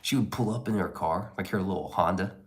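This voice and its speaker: A man's voice: low voice, brisk. A man streaming casual chat, rambling and swearing as he reads and answers his chat. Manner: rambling, profane, laid-back. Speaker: live streamer reading chat.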